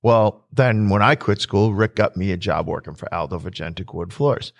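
A man chatting casually as a host, telling lively stories, acting out quotes and laughing often. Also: deep voice, moderate pace, vocal fry, dry recording. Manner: animated storyteller, acts out quotes, laughs often. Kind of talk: casual storytelling chat.

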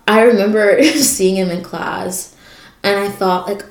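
A woman's voice: medium pitch, fairly even intonation, a little slow, echoey room. A young woman hosting a podcast, reflecting on her life in an emotional voice that wavers and cracks. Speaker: podcast host. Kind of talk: personal reflective monologue.

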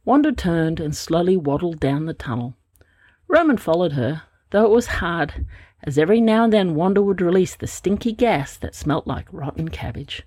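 A woman reads a storybook in a gentle, expressive way, her voice low and swinging widely up and down. The sound is husky and dry, close to the microphone. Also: normal speed, no echo. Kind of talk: storybook reading.

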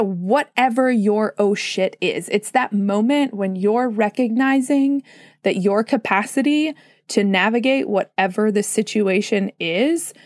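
A woman's voice: mid-range voice, no room sound, studio quality. A woman hosting a solo mental health podcast, chatty and self-deprecating, who laughs often, with a slightly sore throat. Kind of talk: casual solo podcast monologue.

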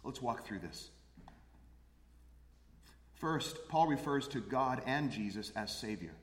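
A man's voice: medium pitch, lively intonation, slow pace. A man preaching a sermon as pastor, earnest, repeating phrases for emphasis. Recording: echoey hall with long reverb.

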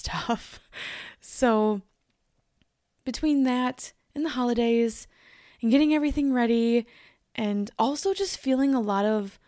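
A woman's voice: fairly high pitch, creaky, darkish tone, dry recording, studio quality. A young woman hosting her own podcast, talking candidly in a casual chat with a tired, scratchy voice. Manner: candid, chatty, emphatic. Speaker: podcast host. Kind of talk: casual solo podcast talk.

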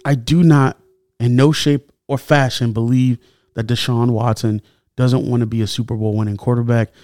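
A young man hosts a solo podcast, sounding heated and indignant as his mid-pitched voice leaps up when he gets worked up. The recording is dry and close, with no room sound. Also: moderate pace, no echo. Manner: animated, indignant, rises sharply when heated. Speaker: podcast host. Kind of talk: casual solo commentary.

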